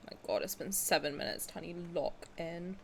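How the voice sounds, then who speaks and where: A young woman streamer chatting casually and excitedly to her viewers, dramatic and joking crudely. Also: fairly low pitch, normal speed, vocal fry, slight background noise. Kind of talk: casual livestream reaction chat.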